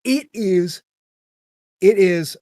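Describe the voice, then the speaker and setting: A man's voice: sits high, very slow, mellow, dry recording, clean studio sound. A middle-aged man hosting a gaming podcast, talking in an earnest, rambling, opinionated way with casual swearing. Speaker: podcast host.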